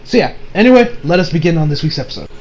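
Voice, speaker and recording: A young man with a high voice reviews a cartoon episode in a loose, chatty way. He rambles, swears freely and often restarts his sentences. A faint hum of background noise sits under his talk. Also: animated, very fast, rough recording. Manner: rambling, with profanity and many restarts. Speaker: anime reviewer.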